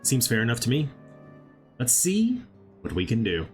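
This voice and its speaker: A man's voice: mid-range voice, huge pitch swings, slow, pauses often, a bit bright, faint music behind. A man streaming a game, reading its dialogue aloud in a playful way with hums and asides.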